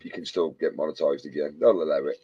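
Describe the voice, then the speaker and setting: A man's voice: very deep voice, steady tone, quick pace, warm tone, slightly rough, highs cut off. A British man in casual chat with friends, a jokey storyteller who keeps quoting comedy films. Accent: British English. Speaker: co-host chatting while model making.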